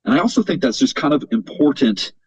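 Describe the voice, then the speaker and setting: A man's voice: mid-range voice, sing-song, fast talker, breathy edge, dry recording. A man speaking as a mental performance coach on an interview podcast, explaining earnestly at length, repeating words as he thinks and tagging points with "right?". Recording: dull lo-fi sound, dry.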